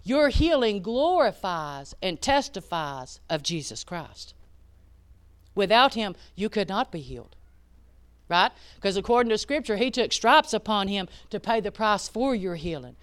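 A woman preaching a sermon, rising to loud emphatic peaks and dropping to hushed asides. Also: mid-range voice, very animated, measured pace, clear, resonant tone.

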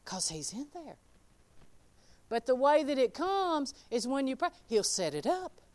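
Lively high-voiced woman preaching. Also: a little slow. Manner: folksy, animated, addresses congregation by name. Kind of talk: informal sermon.

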